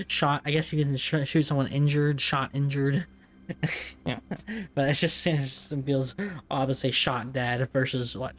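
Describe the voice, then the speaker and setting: Man, middle pitch, gaming commentary, reads game text aloud, chuckles often, stumbles on words. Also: a little slow. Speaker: let's play gamer.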